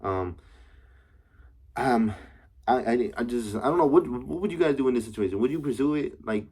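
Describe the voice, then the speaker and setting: A young vlogger with a mid-range, warm voice and a breathy edge speaks at normal speed during a casual story time to camera. He rambles with slang and profanity, repeatedly checking in with "you know what I'm saying."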